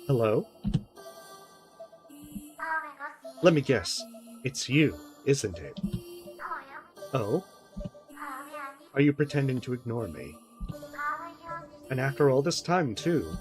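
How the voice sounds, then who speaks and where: A woman's voice: very deep voice, big pitch swings, takes it slowly, pauses often, music in the background, heavily acted. A woman streamer reading the lines of a lonely wife who still waits for her vanished husband, with pleading questions. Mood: coaxing.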